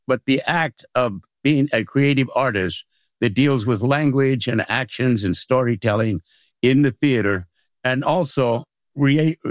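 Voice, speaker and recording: An older man, a playwright, giving reflective, measured interview answers with halting restarts. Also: mid-range voice, no echo, studio quality.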